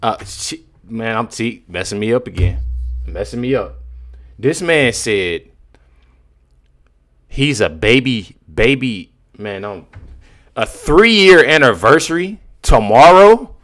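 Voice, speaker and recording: A man's voice: fairly low pitch, lively intonation, slow pace, pauses often, fairly bright tone. Exasperated young man reacting, "bro" every line. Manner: exasperated, repeats "bro" and "y'all". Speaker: YouTube reaction commentator. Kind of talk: casual reaction commentary.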